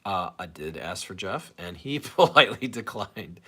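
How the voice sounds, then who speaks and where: A man's voice: low-pitched, big pitch swings, normal speed, bright, forceful tone, husky. Rambling man hosting a live stream. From St. Louis area, USA. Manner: rambling, self-deprecating, reads comments aloud. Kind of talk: casual live stream chat.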